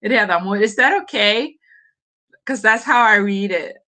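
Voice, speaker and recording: A woman's voice: on the high side, measured pace, sharp tone. A middle-aged woman from Norway chatting casually on a live morning stream, rambling with lots of fillers and small laughs.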